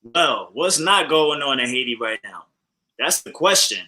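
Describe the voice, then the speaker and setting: Bright-voiced male co-host. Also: mid-range voice, measured pace, low-quality recording. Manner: animated, repeats phrases, addresses listeners as family. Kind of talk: casual commentary.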